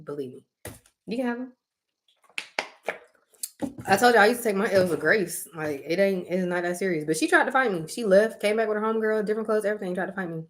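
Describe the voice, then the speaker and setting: A young woman co-hosting a casual talk show, chatting freely. She tells her stories with animation, breaks into laughing asides and acts out what people said. Her voice sits at an ordinary middle pitch for a woman. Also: fast, long pauses. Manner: animated storytelling, acting out quotes; frequent fillers and laughing asides. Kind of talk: casual chat.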